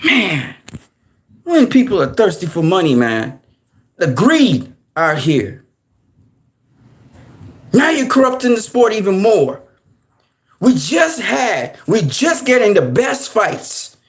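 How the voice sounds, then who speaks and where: A man's voice: high voice, huge pitch swings, slow, pauses often. A man ranting angrily about a sport, heated and profane, calling on his audience and repeating himself. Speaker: boxing commentator. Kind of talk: ranting commentary.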